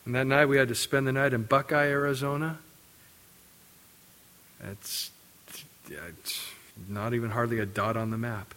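A middle-aged male pastor preaching a sermon, telling a personal story with lively acted-out quotes before reading scripture. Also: medium pitch, a little slow, long pauses. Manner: animated storytelling, acting out quotes.

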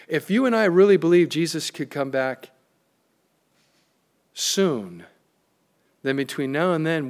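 A pastor preaching a sermon, emphatic and plain-spoken, with joking asides. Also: male voice, medium pitch.

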